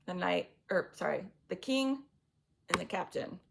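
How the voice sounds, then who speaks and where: A woman's voice: fairly low pitch, animated, measured pace, gravelly, a bit bright. A woman doing a casual tarot reading, chatty and blunt, often laughing as she talks. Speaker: tarot reader.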